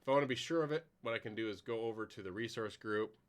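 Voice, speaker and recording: A man's voice: on the low side, fast talker, smooth. A middle-aged man giving a conversational technical conference talk with a live demo, explaining plainly with some fillers. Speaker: conference presenter.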